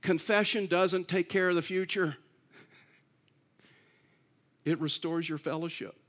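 A man's voice: sits high, fairly even intonation, measured pace, fairly bright tone. A man preaching a sermon in an earnest way, repeating key phrases and rising to emphatic pleas. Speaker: pastor.

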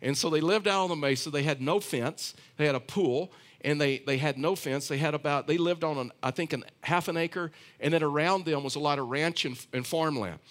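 A man's voice: on the high side, fairly quick, few pauses, a bit bright. A middle-aged man, a pastor with grandchildren, preaching a sermon in a loose, conversational storytelling way with many restarts and asides.

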